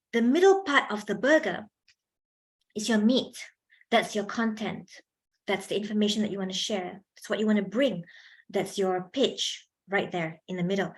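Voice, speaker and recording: A woman leading a university workshop on public speaking, talking into a handheld mic with lively energy and frequent laughs. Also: on the high side. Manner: animated, laughs often, chatty fillers. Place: university event hall.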